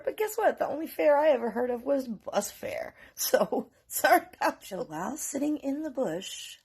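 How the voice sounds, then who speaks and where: A woman from North Carolina telling a story in a casual, profane, animated way, often laughing. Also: high voice, a little fast, vocal fry, hardly any pauses, breathy edge. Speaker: vlogger.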